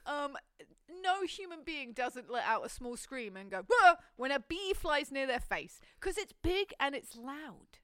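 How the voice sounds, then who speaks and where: A woman's voice: high-pitched, sing-song, unhurried, a bit bright, no room sound, studio quality. A woman, hosting a podcast in casual, jokey chat and laughing often. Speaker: podcast host.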